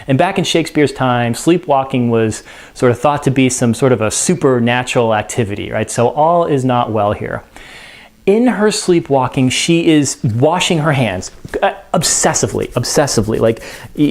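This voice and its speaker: A man's voice: medium pitch, animated, normal speed, darkish tone. A man explaining a play in a casual spoken lesson, conversational and full of "you know" and restarts. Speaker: teacher.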